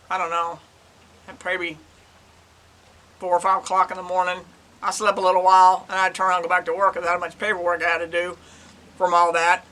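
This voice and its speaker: A man's voice: high voice, sharp tone, rough recording. An older man, a retired police detective, casually telling a case story in a chatty, rambling way and retelling the dialogue. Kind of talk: casual true-crime storytelling.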